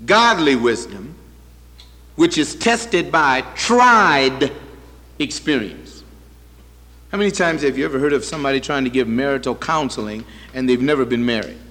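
A man preaching a sermon as pastor, swinging from loud high bursts to quiet low asides. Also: sing-song, normal speed, big-room sound.

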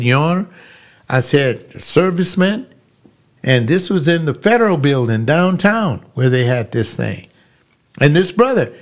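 An older man, a pastor, telling a personal story slowly and emphatically, repeating phrases and rising into preaching. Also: a little high.

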